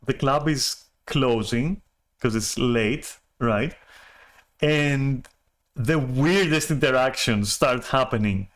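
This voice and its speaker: A man streamer telling a story in a casual rant, animated, swearing and restarting often. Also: medium pitch.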